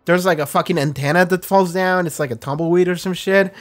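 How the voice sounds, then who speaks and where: A man giving casual reaction commentary as a video host, excitable and rambling, swearing often. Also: high-pitched, fairly quick. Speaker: anime reaction YouTuber.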